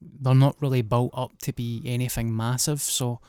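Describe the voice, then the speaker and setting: A man's voice: mid-range voice, flat delivery, normal speed, mellow, clean tone, dry recording, clean studio sound. A Scottish man, a guest comedian, telling blunt, plain-spoken stories in casual chat. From Scotland.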